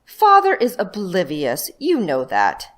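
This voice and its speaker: A woman's voice: fairly low pitch, wildly swooping pitch, slow, full character voice. A woman voicing a bossy, scornful eldest brother who talks in a curt, dismissive way.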